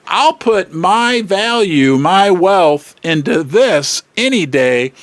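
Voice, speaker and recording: The host of a precious-metals channel speaks emphatically and directly to his viewers in casual commentary, sounding exasperated and firing off rhetorical questions. His voice is high with big pitch swings and a slow pace. The recording is dry and close, with no echo.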